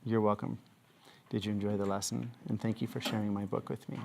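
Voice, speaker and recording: Patient male teacher with a gravelly voice. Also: lowish voice, little pitch movement, a little fast, noisy background. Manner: patient, encouraging questions to young pupils. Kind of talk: classroom reading lesson. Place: classroom.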